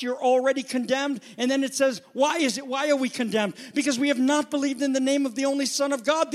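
High-voiced man preaching urgently. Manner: urgent, emphatic preaching with sudden drops to quiet asides; asks rhetorical questions and repeats phrases. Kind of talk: sermon.

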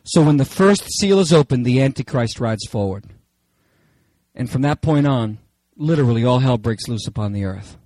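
A man preaching a sermon with passion, swinging between raised, shouted lines and hushed asides. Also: medium pitch, lively intonation, normal speed, no room sound, low-quality recording. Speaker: pastor.

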